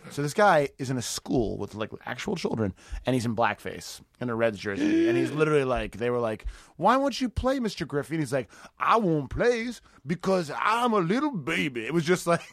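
A man's voice: mid-range voice, no echo. Comedian guy telling stories, laughs a ton, swears, voice swings all over, dry close sound. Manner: animated storyteller, laughs often, swears freely. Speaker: comedian guest. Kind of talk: casual podcast chat.

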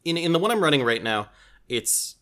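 A man's voice: a little high, very animated, fairly quick, fairly bright tone. A man talking casually as a podcast guest and game designer, self-deprecating and often restarting his sentences with a laugh. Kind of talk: casual interview chat.

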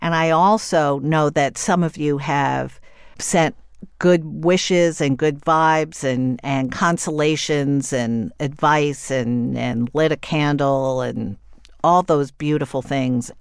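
A woman hosting a podcast interview, chatty and quick with asides, laughing easily. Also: sits low, clean tone, no room sound, studio quality. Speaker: podcast host. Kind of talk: conversational interview.

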